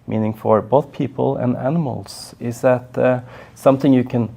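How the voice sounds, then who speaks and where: Male interviewer, gravelly and husky, asks rambling questions. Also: mid-range voice, fairly even intonation, normal speed, warm tone.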